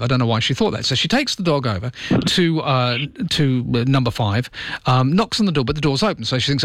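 A man's voice: medium pitch, expressive, normal speed, a bit bright, no echo. A male radio talk show host chatting casually with callers, telling stories with a self-deprecating streak. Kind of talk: casual call-in chat.

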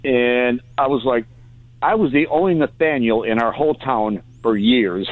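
A man's voice: mid-range voice, moderate pace, no room sound, narrow, tinny audio. A man in his sixties from the Midwest, calling in to a radio show and telling stories in a chuckling, folksy way. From Midwest United States. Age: 60s. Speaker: caller. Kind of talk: casual phone-in chat.

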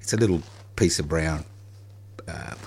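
Deep-voiced teasing older male host. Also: moderate pace, gravelly, darkish tone, husky. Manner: teasing, wry. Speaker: radio host. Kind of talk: casual radio chat.

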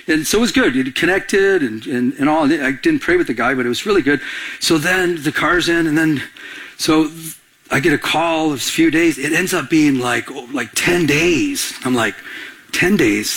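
A man's voice: mid-range voice, fairly bright tone, breathy edge. A middle-aged man preaching a sermon, telling a personal story and acting out both sides of the conversations. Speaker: pastor.

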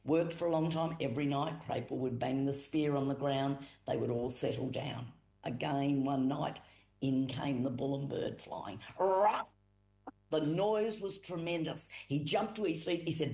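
An Australian voice, middle in pitch, tells an old creation story at an easy pace, coming back to the same phrases and leaning on the key moments. The room around the mic rings with a clear echo. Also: darkish tone. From Boandik country, South Australia. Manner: unhurried, repetitive storytelling with pauses and emphatic retellings. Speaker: Aboriginal storyteller and cultural educator. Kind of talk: oral telling of a creation story. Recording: echoey room.

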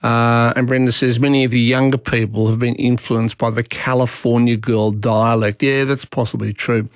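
A man's voice: mid-range voice, level tone, normal speed, no echo. Chatty Australian man hosting talkback radio. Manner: chatty, opinionated, digressive. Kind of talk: talkback radio monologue and calls. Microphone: studio microphone.

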